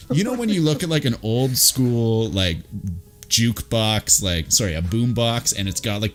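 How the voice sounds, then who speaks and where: A man with a low-pitched voice chats casually on a live stream. His delivery is animated, swinging widely up and down as he acts out the people in his story. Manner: laughs through the funny parts, fillers and restarts. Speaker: guest on a live stream talk show.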